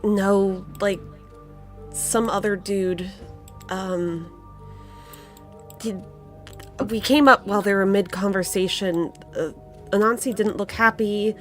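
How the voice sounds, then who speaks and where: A woman voicing a shaken young man who stumbles through a guilty, halting account. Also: medium pitch, steady tone, faint music behind, natural voice. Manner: halting, stumbling, full of restarts.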